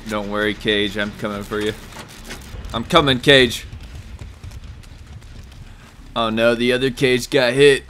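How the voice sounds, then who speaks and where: A young man talks through a horror survival game in a loose, joking way and jumps into loud shouts when something big happens. His voice is bright and forward, and a faint hiss of noise sits under it. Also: mid-range voice, measured pace, pauses often. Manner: excitable, jokey, shouts and laughs at big plays. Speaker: gaming YouTuber. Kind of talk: casual gameplay commentary.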